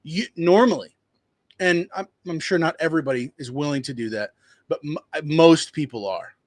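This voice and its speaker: A man's voice: animated, moderate pace, no room sound. A man running a dumpster rental business, telling a customer story in a rambling, casual way and acting out what people said. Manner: rambling, conversational, acts out quotes in a higher voice.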